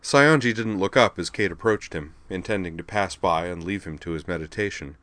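A man with a very low, deep voice narrates a story. His reading is steady and even. The recording is dry and close. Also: a little fast, no room sound. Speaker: audiobook narrator. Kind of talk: scripted narration.

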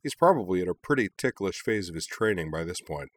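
A man's voice: deep voice, animated, quick pace. A man doing an easygoing young guy. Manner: casual, joking.

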